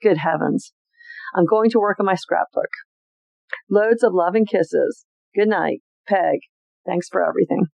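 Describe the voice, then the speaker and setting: A podcast host reads old family letters aloud with an expressive, chatty delivery and adds personal asides between them. The voice has a gravelly, creaky edge. It sits in a dry, dull, slightly lo-fi home recording. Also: medium pitch, a little slow, dry recording.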